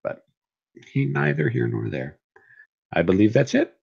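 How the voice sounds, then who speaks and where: Man, very low voice, live wargame stream host, rambling with fillers, dull lo-fi audio. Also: huge pitch swings, a little slow, vocal fry, darkish tone, slightly rough. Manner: rambling, stop-start with many fillers and restarts. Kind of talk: casual live-stream game commentary.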